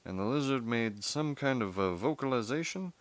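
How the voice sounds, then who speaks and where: A man's voice: medium pitch, lively intonation, moderate pace, dry recording, voice pushed up, natural voice. A man doing a Southern-accented field biologist. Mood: assured. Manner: knowledgeable, reassuring, explanatory. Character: soft-spoken Southern American male field biologist.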